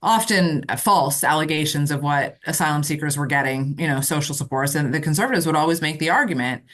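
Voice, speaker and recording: A woman's voice: low-pitched, a little fast, fairly bright tone. A woman political reporter speaking as a podcast guest, earnest and emphatic, with frequent restarts. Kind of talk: casual political talk. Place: remote from Ottawa.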